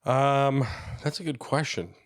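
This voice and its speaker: Animated man telling stories. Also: medium pitch, slow pace, dry recording, studio quality. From Canada, Ontario. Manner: animated storyteller who slips into voices, says "you know what I mean" often. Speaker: guest comedian. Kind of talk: casual podcast chat.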